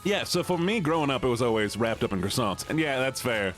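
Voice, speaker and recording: Young male streamer, mid pitch, lively and laughing, faint music bed. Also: fairly quick. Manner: animated, laughs often, reacts to chat. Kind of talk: casual livestream chat reading.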